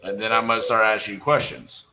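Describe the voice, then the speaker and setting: A man's voice: lowish voice, steady tone, fast talker, sharp tone, rough recording. A young man in casual livestream talk, blunt and conversational, with frequent fillers, between cold calls to sellers. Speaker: real estate wholesaler.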